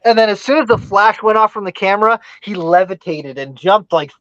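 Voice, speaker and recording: A man telling a story in casual podcast chat, animated, swearing freely and using many fillers. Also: sits high, a little fast, no echo, muffled recording.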